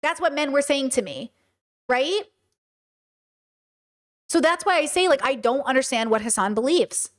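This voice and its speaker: A woman's voice: high voice, lively intonation, moderate pace, long pauses. A woman streaming live commentary, talking passionately and emphatically and answering her chat.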